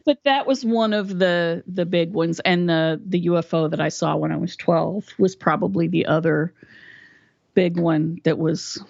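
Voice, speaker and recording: Animated woman telling a story. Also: lowish voice, a little slow, creaky, no echo, highs cut off. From West Virginia, US. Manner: animated storyteller who acts out quoted dialogue. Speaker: podcast guest. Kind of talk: storytelling in a casual interview.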